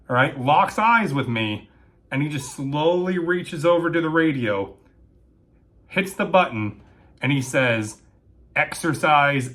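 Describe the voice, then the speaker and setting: A man telling a comic story about his days as a military police dispatcher, acting out the lines with sudden shouts and asides. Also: a little high. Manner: animated, acts out quotes with shouting and asides. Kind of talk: comedic storytelling.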